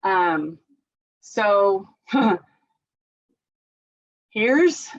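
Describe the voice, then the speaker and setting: Slow-talking woman trainer, slightly dull sound. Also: mid-range voice, sing-song. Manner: chatty, laughs often, leads group exercises with chanting. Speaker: occupational therapist giving a parent training. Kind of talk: casual live training talk.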